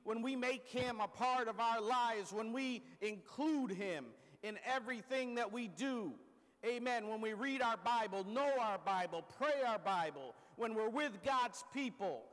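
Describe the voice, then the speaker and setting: A man preaching a sermon, his voice sitting very high and moving unhurried. He keeps asking the room "amen?" and lets his phrases sink low at the end. The sound rings with the long reverb of a big hall. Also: a bit bright. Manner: punctuates lines with "Amen?", drops low at phrase ends; speeds through everyday examples, slows on key phrases.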